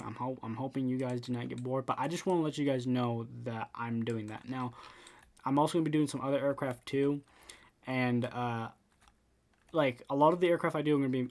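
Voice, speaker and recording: A man with a medium-pitched, darkish voice walks viewers through building something in a game, keeping it loose and casual. He often restarts sentences and repeats words along the way.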